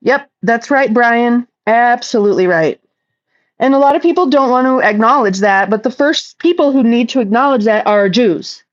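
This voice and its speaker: A woman's voice: on the high side, expressive, normal speed, highs cut off. A woman hosting a casual livestream chat, reading viewer comments aloud and answering them in a blunt, profane, talkative way.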